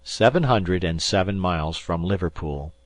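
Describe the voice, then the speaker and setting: A man voicing a cool, precise English gentleman who speaks with calm, measured authority in an audiobook. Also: deep voice, no room sound. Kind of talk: audiobook character voice.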